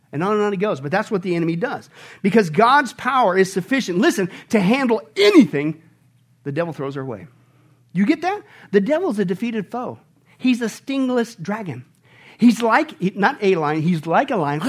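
Animated preacher man, high voice. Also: normal speed, slightly rough. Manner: animated, asks the congregation questions, jokes. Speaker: pastor. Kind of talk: sermon.

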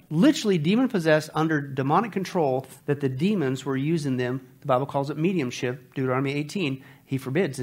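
A male Bible teacher with a fairly high voice, preaching in an animated, emphatic way. He mixes sarcastic jokes with forceful scripture reading. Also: husky. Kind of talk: preaching commentary.

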